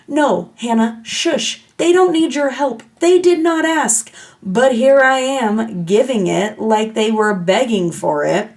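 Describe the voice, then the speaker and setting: A woman hosts her own podcast in a loose, chatty way, happily oversharing and poking fun at herself. Her voice sits at an ordinary pitch with a heavy gravelly fry running through it. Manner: chatty, playful, self-mocking oversharer. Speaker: podcast host. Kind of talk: casual solo podcast chat.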